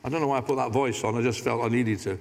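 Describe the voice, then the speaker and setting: A man's voice: medium pitch, steady tone, racing, creaky, a little mellow, slight background noise. A man preaching a sermon as pastor, talking conversationally with asides and light humor. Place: large church. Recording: hall reverb.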